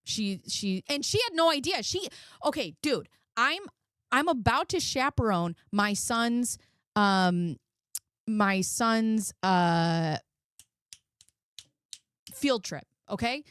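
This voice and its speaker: A woman's voice: on the high side, expressive, slow pace, pauses often, fairly bright tone, clean tone, dry recording, studio quality. A woman in her forties talking casually and bluntly, swearing often as she tells a personal story on her commentary channel. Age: 40s. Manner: blunt, frequent swearing, emotional. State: close to tears.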